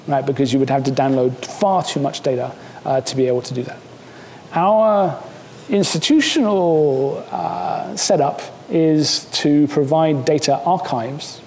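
Man, seminar speaker, chatty and wry, restarts a lot; roomy lecture-hall sound, faint rumble. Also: darkish tone. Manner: casual, joking, many fillers and restarts. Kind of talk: academic seminar talk.

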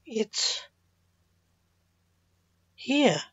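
A woman's voice: mid-range voice, takes it slowly, a little mellow, no room sound, muffled recording, close to an everyday voice. A woman voicing Blake, a male detective and father, in an earnest, slightly raised voice while reading a story aloud. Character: male detective with seeing powers, calm father.

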